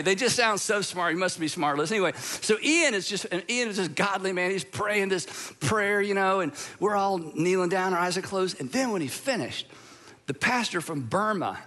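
A middle-aged pastor from Georgia delivers a sermon in a high, bright voice. He tells personal stories in an easy, conversational way, dropping in self-deprecating asides. His tone stays chatty and relaxed from start to finish. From Georgia, USA.

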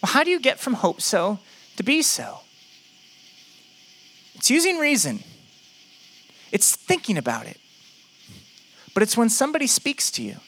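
Young male preacher, high and bright voice, lively delivery, acts out inner voices and talks straight to the crowd. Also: measured pace, long pauses. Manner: animated, acts out imagined prayers and quotes; addresses the congregation directly with joking asides. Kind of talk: sermon.

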